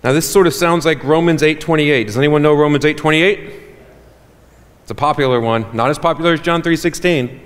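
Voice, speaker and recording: A man preaching a sermon as pastor, animated and joking with the congregation. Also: fairly high pitch, a little fast. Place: church hall. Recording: reverberant church hall.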